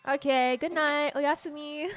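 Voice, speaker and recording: A young woman streaming a game, reacting in an excitable, giggly way. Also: sits high, slow pace. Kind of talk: let's play commentary.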